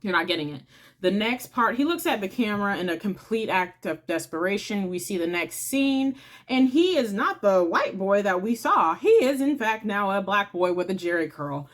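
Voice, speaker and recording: A woman hosting her own channel, casually retelling a film's plot in a chatty, informal way. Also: medium pitch. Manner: chatty, informal, retells scenes by acting out lines. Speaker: movie reviewer and channel host. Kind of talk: casual movie recap.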